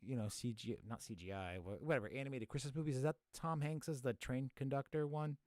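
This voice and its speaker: A man's voice: mid-range voice, fast, a little mellow, no room sound, clean studio sound. A young man hosting a live podcast from home, chatting casually in a rambling way with lots of fillers. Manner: laid-back, rambling, many fillers. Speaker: podcast host.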